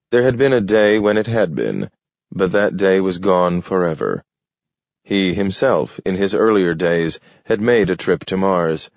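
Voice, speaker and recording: A man narrating a story in a measured, steady way. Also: sits low, no echo. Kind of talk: scripted audiobook narration. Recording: dull, dry lo-fi recording.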